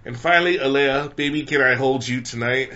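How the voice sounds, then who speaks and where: A man co-hosting a podcast in casual chat, opinionated and animated. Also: medium pitch, brisk, muffled recording. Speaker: podcast co-host.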